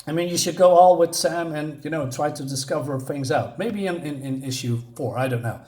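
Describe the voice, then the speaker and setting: Rambling, fairly high-voiced man. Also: fairly quick, a little mellow, roomy sound. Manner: rambling, conversational, thinking aloud. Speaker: comic book reviewer. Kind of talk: casual spoken review.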